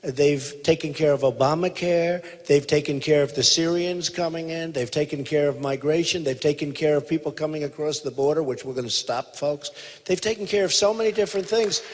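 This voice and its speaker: Onstage in a large theater hall, a male presidential candidate delivers a rally speech in a conversational format. He is emphatic, repetitive, and boastful, quoting others in a mimicking voice. His voice is slightly high and a little fast, with theater reverb around it.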